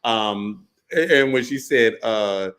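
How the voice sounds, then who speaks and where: A man's voice: on the low side, slow, fairly bright tone. A man hosting a podcast, talking frankly and casually, with lots of slang and cursing, often checking in with "you know" and "right?". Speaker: podcast host.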